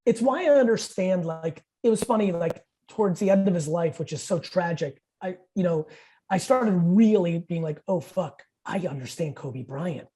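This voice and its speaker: A man in his forties, a podcast guest, telling stories in blunt, profane, rapid-fire talk. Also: high-pitched, warm tone. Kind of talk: casual podcast interview.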